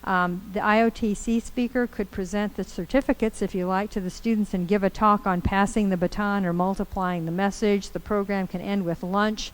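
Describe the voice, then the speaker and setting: A woman's voice: medium pitch, fairly even intonation, moderate pace, few pauses, rough recording. A woman trainer giving a conversational, upbeat lecture to a group in a meeting room. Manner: conversational, upbeat, storytelling with acted quotes. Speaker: course trainer.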